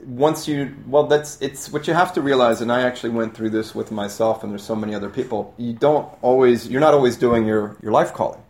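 A man talks easily as a guest on a radio interview show. He tells long stories about how his career unfolded and slips in light jokes. His manner is relaxed and conversational. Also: medium pitch, brisk, few pauses. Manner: relaxed storytelling, joking asides. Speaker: guest, hypnotherapist and dentist.

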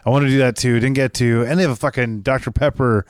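Brief: relaxed male podcast co-host, smooth clear tone, mid pitch, easygoing ramble. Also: fast, dry recording, studio quality. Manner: laid-back, rambling, lots of "dude" and "like". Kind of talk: casual comedy podcast chat.

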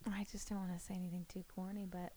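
A young woman guest on a podcast, talking casually and hesitantly with many pauses. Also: lowish voice, level tone, warm tone. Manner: hesitant, many fillers, plainspoken. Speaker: guest singer. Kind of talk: casual interview chat.

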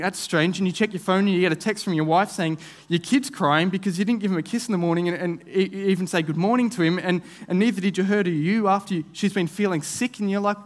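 A man's voice: sits high, fairly quick. A young man preaching a sermon, telling a vivid story with frequent restarts and repeated words. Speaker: guest preacher.

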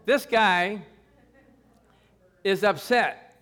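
A middle-aged pastor preaches a sermon, telling stories, acting out the people in them and laughing often. His voice is high, fairly bright and clean, and he speaks very slowly.

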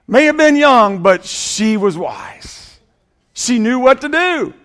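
A male pastor preaching a sermon, telling a story with dramatic swings from loud bursts to hushed lines and dry sarcastic asides. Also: very high voice, big pitch swings, slow pace.

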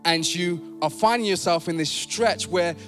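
A man preaching a sermon in a church, animated, playful and conversational. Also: sits high, moderate pace, soft background music. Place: church sanctuary.

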